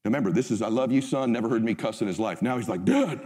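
A man's voice: lowish voice, very fast, mellow, long reverb tail. A middle-aged man giving a motivational talk. He tells the story intensely and emphatically, and he swears freely. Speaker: motivational speaker.

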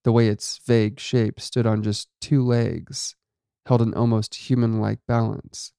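A man narrating a first-person horror story in a steady, low-key way. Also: unhurried, creaky, clear, resonant tone, no room sound, studio quality.

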